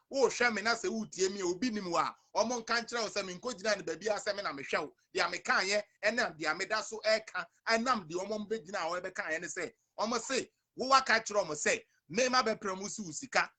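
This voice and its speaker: A man's voice: high-pitched, bright, forceful tone. A young Ghanaian man with a Ghanaian accent, hosting an online livestream and ranting emphatically, mixing English and Twi, repeating himself and addressing viewers directly. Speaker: online show host.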